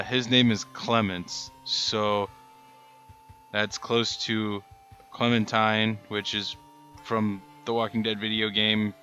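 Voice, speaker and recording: Man commenting on gameplay, lowish voice, bright tone, rambling and joking at himself, faint game music behind. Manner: rambling, self-mocking. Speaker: gaming channel host.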